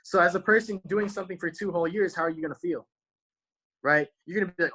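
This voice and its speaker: Man with a bright, slangy motivational voice. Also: high voice, fast, breathy edge, poor audio. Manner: keeps tagging "right?" onto every point, repeats himself; slangy, talks straight to his viewers. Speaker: motivational speaker. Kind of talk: casual motivational talk to viewers.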